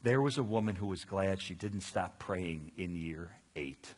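Animated husky-voiced man preaching. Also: sits low, unhurried. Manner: animated, acts out quoted voices, restarts often. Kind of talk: sermon storytelling.

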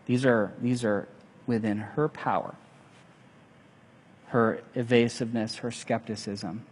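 A man preaching a sermon, telling a story in lively fashion and acting out the lines of the people in it. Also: medium pitch, slightly rough. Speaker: pastor. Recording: long hall reverb.

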